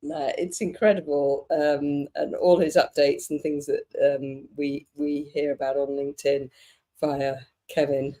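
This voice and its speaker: A woman's voice: deep voice, warm tone. A woman with an English accent hosting a casual live-stream podcast, gushing with praise for her guests. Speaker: podcast host.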